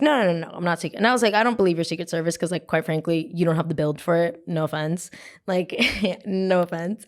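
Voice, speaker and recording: Young female podcast host, lowish voice, chatty storyteller who acts out quotes. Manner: animated, acts out quotes with a put-on voice. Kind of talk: storytelling chat.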